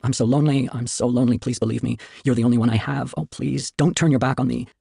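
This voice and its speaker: A man reading aloud and voicing a lonely teenage girl who pleads softly. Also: mid-range voice, steady tone, fast talker, gravelly, breathy edge, no echo, clean studio sound. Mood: pleading.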